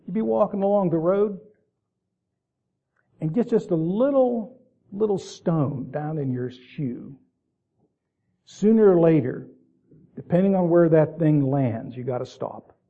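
A man giving a slow, folksy sermon with deliberate, emphatic repetition. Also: on the high side, expressive. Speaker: preacher. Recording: tinny, phone-like lo-fi recording.

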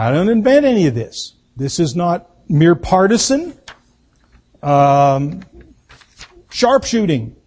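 A man giving a political speech, slow and emphatic, repeating key words for effect. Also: on the high side, darkish tone, slightly rough. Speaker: political speaker.

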